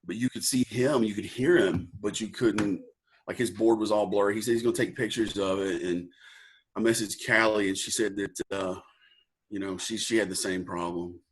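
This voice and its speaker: A young male student chats over a video call in a relaxed, rambling way, filling his sentences with like and um. His voice sits somewhat low. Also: normal speed, slight background noise. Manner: laid-back, lots of like and um. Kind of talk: casual chat.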